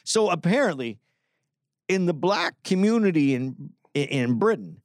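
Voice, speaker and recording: A man's voice: fairly high pitch, big pitch swings, a little slow, no echo, clean studio sound. A man co-hosting a podcast in casual chat, laid-back and hesitant, often restarting his sentences. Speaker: podcast co-host.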